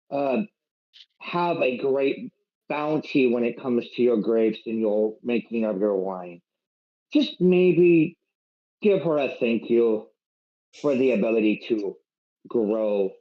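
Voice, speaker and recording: A man's voice: medium pitch, dull audio. A man in a tabletop game session, speaking in character with a put-on Irish accent, earnest and preachy. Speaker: player voicing a cleric. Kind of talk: in-character roleplay over voice chat.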